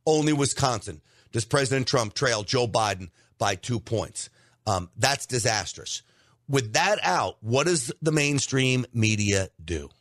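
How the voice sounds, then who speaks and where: A man's voice: medium pitch, lively intonation, measured pace, a bit bright, no echo, clean studio sound. A man hosting an opinionated political commentary show, talking emphatically and repeating words for stress.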